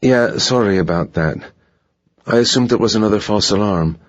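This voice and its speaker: Man doing an anxious young woman, raised pitch, apologetic, husky, dull lo-fi audiobook sound. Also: normal speed, dry recording, close to an everyday voice. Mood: nervous. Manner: nervous, apologetic. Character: frightened young woman office worker.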